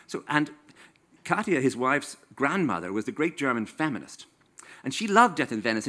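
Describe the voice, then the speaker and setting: A man's voice: medium pitch, sharp tone. A man in his sixties with an Irish accent, an author telling comic stories to a live audience in a wry, playful way. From Ireland. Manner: wry, playful, acts out quoted voices. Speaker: author giving a stage talk. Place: stage in a small venue.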